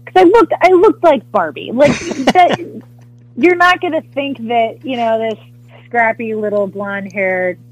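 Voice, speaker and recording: A woman from the US Midwest, an actress telling a story as a guest in an interview, animated and laughing often, with many fillers. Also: fairly high pitch, a little slow, no echo, poor audio.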